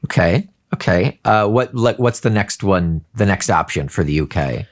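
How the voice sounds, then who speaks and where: A bemused male podcast co-host who hesitates a lot and fills his pauses. His speech swings widely in pitch. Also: animated. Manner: bemused, hesitant, filler-heavy. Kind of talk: casual podcast chat.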